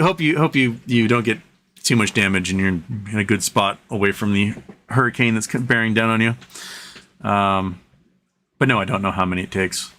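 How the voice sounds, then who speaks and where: A man hosting a casual livestream from home, rambling between topics and reading out viewer comments. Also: bright, forceful tone. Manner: rambling, talks to his dog in a high coaxing voice. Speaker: livestream host. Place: home during a thunderstorm.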